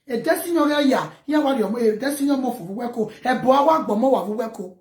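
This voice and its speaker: Scolding Nigerian woman, high and echoey. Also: fast. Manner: loud, scolding, mixes Pidgin and local words. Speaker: vlogger. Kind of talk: ranting commentary to camera.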